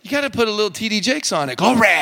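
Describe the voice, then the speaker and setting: A male pastor preaching a sermon to his congregation in a relaxed, joking, conversational way. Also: sits high, rapid-fire, clean tone. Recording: long hall reverb.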